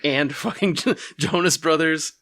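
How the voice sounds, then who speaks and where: A man's voice: a little high, slow, a bit bright, no room sound. A man co-hosting a casual podcast, chiming in with wry, sarcastic jokes. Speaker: podcast co-host.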